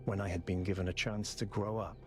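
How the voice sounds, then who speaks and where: An actor voicing an earnest, thoughtful male robot mayor in a video game, speaking in a measured, reflective way. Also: deep voice, level tone, natural voice. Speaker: game character. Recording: game music behind.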